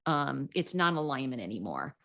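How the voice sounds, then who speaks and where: A woman's voice: a bass voice, very animated, a little fast, a bit bright. A middle-aged woman, a podcast guest, telling her story in a casual interview and acting out the people she quotes.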